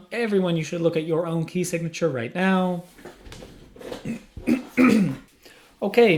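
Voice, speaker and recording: A man's voice: high voice, a little mellow. A patient man teaching music. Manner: patient, asks questions then answers them. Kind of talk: instructional explanation. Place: small room. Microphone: studio microphone.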